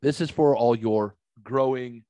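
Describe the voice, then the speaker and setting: A man's voice: mid-range voice, unhurried, no echo. Man from st louis, podcast host, middle-aged, swearing storyteller, dry close mic. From St. Louis area. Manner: profane, animated storyteller. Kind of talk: casual storytelling chat.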